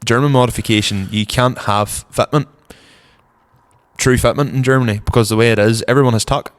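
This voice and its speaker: A young man with a Northern Irish accent co-hosting a casual car podcast, rambling in a relaxed way, trailing off softly, and feeling cold. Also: mid-range voice, brisk. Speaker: podcast co-host. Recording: long reverb.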